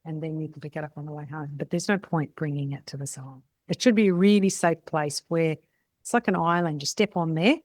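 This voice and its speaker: A woman's voice: sits low, fairly quick, a little mellow, dry recording. A middle-aged woman, coaching salon owners in a blunt, chatty way and often tagging her points with "right?". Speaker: salon business mentor. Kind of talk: casual coaching talk.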